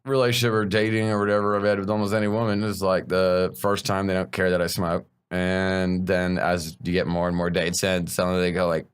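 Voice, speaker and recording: Low-voiced comedian guy on a podcast, blunt, swears a lot. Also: flat delivery, fairly quick, hardly any pauses, clean tone. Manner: blunt, frank, swears freely. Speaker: stand-up comedian guest. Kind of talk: casual podcast conversation.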